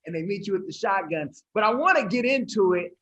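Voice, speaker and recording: A podcast host with a notably high voice asks his questions loosely, stretching them out and restarting as he goes. His tone is easygoing and conversational. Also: lively intonation, a bit bright, muffled recording, slight background noise. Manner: casual, halting, drawn-out questions.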